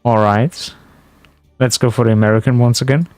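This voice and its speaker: While playing a game, a streamer chats casually with his viewers and muses aloud as he goes. His medium-pitched voice is steady, a little mellow and at normal speed, with no room sound and soft background music behind him.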